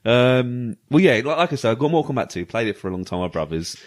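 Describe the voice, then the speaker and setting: An animated man tells a story on a podcast. He talks quickly, and his pitch swings widely as he laughs his way through the anecdote. The whole thing is casual and chatty. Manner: lively storytelling, often laughing. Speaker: podcast co-host. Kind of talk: casual chat.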